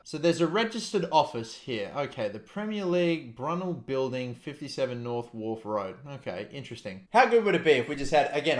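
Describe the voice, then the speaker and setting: A young Australian man with an Australian accent, ranting furiously with heavy swearing. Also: mid-range voice. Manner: furious, profane, heated ranting. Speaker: football fan vlogger. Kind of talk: angry rant to camera. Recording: roomy echo.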